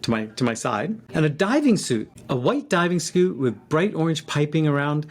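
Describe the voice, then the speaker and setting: A man in his fifties telling a personal story in a reflective, halting way, with frequent restarts. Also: fairly high pitch, expressive.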